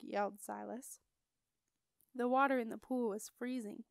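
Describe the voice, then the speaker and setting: A woman reading a children's audiobook in an even, clear storytelling manner. Her voice sits a little high. The recording is dry and close, with no room sound. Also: unhurried, long pauses, no room sound. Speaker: audiobook reader. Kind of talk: audiobook narration.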